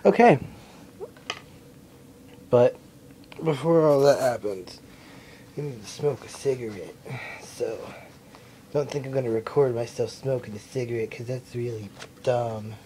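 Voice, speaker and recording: A man's voice: medium pitch, normal speed, pauses often, warm tone, slight background noise. Rambling, foul-mouthed young man. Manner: rambling, profane, self-mocking. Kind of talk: casual vlog. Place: indoors at his mom's house. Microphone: self-recorded camera mic.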